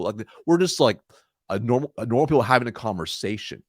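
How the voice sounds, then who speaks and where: A man's voice: mid-range voice, no room sound, studio quality. A man guest on a podcast, a sales trainer talking energetically and acting out sales dialogue. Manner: energetic, acts out sales dialogue in quick asides. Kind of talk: conversational interview.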